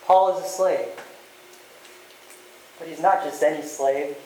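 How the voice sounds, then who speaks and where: A man's voice: a little high, unhurried, long pauses, darkish tone, a little hiss or hum. A man preaching a sermon as pastor, earnest and direct, calling his listeners loved ones and asking them rhetorical questions. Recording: roomy echo.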